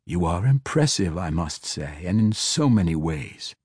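A man's voice: low voice, sing-song, measured pace, a little mellow, husky, no room sound, clean studio sound, full character voice. A man voicing an arrogant, mocking male archmage in an audiobook, smug and sly. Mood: condescending. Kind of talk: audiobook character voice.

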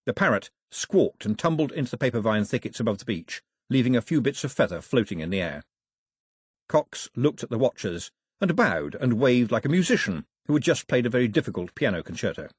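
A man's voice: mid-range voice, very animated, brisk, breathy edge, no room sound, studio quality. A man narrating a storybook, reading expressively and switching voices for the characters.

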